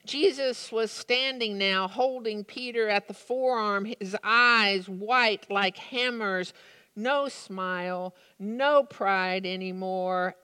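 Slow-speaking woman preacher, echoing hall. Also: medium pitch, bright, forceful tone, smooth. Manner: earnest, reflective storytelling. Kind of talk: sermon with story reading. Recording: long reverb of a large room.

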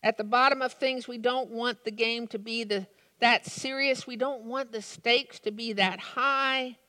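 A woman's voice: on the high side, fairly even intonation, measured pace, pushed and bright. A woman preaching a sermon, reading a story and then reflecting on it in an earnest, thoughtful way. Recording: long reverb of a large room.

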